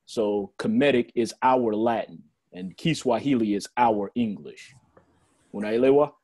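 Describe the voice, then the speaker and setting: Mellow-voiced man explaining calmly. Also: medium pitch, measured pace. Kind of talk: explaining language in an online class. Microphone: video call.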